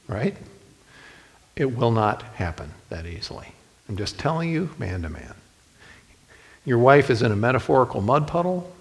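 A man's voice: mid-range voice, vocal fry, long reverb tail. A man preaching a sermon in a folksy storytelling manner, speaking directly to the men in the congregation. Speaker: pastor.

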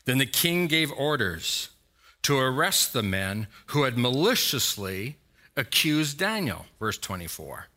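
Bright animated preacher man. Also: medium pitch, a little slow. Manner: dramatic storytelling, sudden loud exhortations. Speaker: pastor. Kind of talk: sermon.

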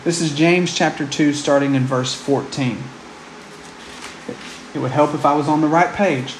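A man preaching a conversational sermon, often pausing with ums and restarting his sentences. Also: a little high, slight background noise. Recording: roomy echo.

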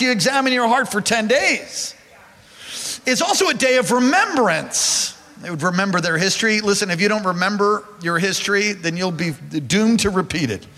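A male pastor with a high, lively voice that leaps around in pitch. He tells his story to the congregation and calls on them directly. His sound is bright and forceful, carried in a big reverberant hall. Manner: animated, addresses congregation directly. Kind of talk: sermon with personal storytelling. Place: large hall or church.

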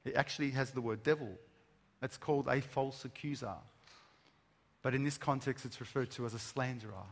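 A man's voice: mid-range voice, fairly quick. A man preaching a sermon to a room of listeners, speaking emphatically, posing rhetorical questions and stressing words one by one in lists. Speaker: pastor. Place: large room with an audience. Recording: long reverb of a large hall.

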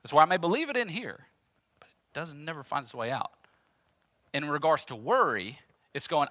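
A man's voice: fairly high pitch, animated, moderate pace, pauses often, bright, forceful tone, dry recording. A man pastor preaching a sermon in an emphatic, repetitive, conversational way.

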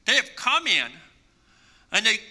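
A man's voice: sits high, very animated, unhurried, pushed and bright. A man preaching a sermon as pastor, emphatic and repetitive, acting out imagined conversations to make his point. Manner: emphatic preaching with repeated phrases; acts out imagined dialogue for illustration.

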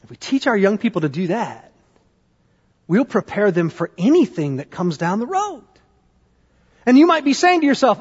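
A man in his thirties, a pastor, preaching a conversational sermon in a church with lively questions to the congregation. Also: high-pitched, moderate pace, pauses often, husky. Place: church sanctuary. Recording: dull, lo-fi sound with long hall reverb.

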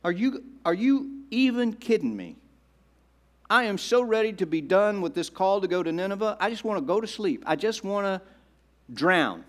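A man's voice: high voice, lively intonation, normal speed, voice pushed up. A man voicing Jonah as an exasperated, complaining adult man who can't believe his situation, within a sermon. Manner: incredulous, complaining.

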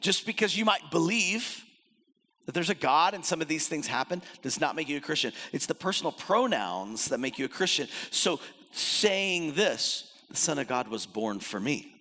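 A man preaching a sermon in an animated way, acting out the voices he quotes and swinging between loud and soft. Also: on the high side, normal speed. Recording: long hall reverb.

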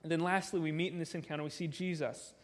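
Earnest high-voiced male preacher. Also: fairly even intonation, fast. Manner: earnest, repeats words when starting sentences. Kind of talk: sermon.

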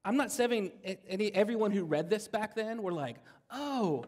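A man gives a sermon from the pulpit in an easy, conversational manner. His voice sits a touch higher than most men's. The church hall around him adds a long, lingering reverb. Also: fairly quick, a little mellow. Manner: conversational, jokes with the congregation. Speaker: pastor.

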